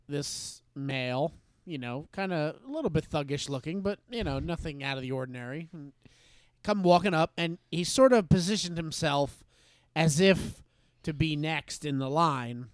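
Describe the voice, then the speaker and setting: A man's voice: on the high side, unhurried, clear, resonant tone, no echo, clean studio sound. A man hosting a podcast, telling a story in casual chat with lots of fillers and restarts. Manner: animated anecdote-telling with many fillers and restarts. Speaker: podcast host.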